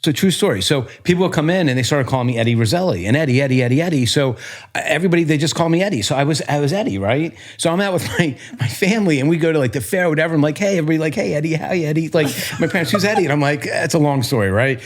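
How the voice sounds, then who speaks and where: A man from Pennsylvania, a chiropractor being interviewed, talking quickly in a chatty, storytelling way. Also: fairly high pitch, lively intonation. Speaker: chiropractor guest. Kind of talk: casual podcast interview.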